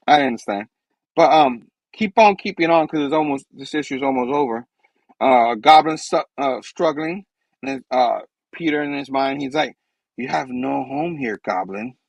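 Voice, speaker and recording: A man's voice: mid-range voice, normal speed, no echo, dull audio. A man hosting a casual comic book review chat, enthusiastic and rambling. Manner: enthusiastic, rambling, acts out characters' lines. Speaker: host.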